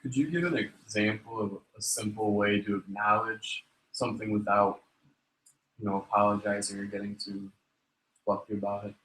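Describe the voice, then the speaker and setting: A man's voice: lowish voice, steady tone, normal speed, fairly bright tone. A man in the audience asking hesitantly how to acknowledge a mistake. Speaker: student asking a question. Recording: roomy echo with faint noise.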